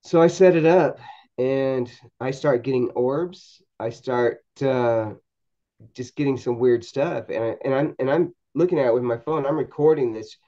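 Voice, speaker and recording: A man telling a story as a podcast guest, in a halting way with many repeated words and restarts. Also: mid-range voice, warm tone, muffled recording. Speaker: podcast guest, paranormal investigator. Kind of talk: storytelling anecdote in a podcast interview.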